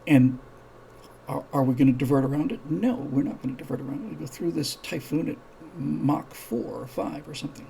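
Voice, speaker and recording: A man's voice: a little high, brisk, gravelly, warm tone, a little hiss or hum, rough recording. A man hosting a live-streamed show, telling a story in a casual, rambling way, with many restarts, and acting out the characters' dialogue. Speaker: show host.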